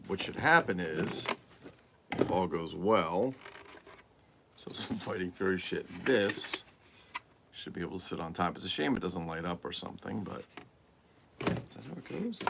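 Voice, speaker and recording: Over a noisy background, this toy-collecting streamer builds a collectible mask during a laid-back unboxing chat, tossing crude jokes to his audience. His low, gravelly voice moves unhurriedly with lively intonation and long pauses.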